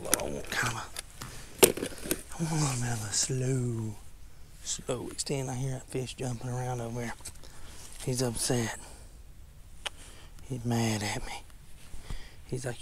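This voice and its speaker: Man, 30s, Southern US accent, rambling fishing chatter, slightly high voice, faint background noise. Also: fairly bright tone. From Tennessee. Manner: chatty, rambling, swears at mishaps. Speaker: fishing vlogger. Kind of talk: casual self-talk while fishing.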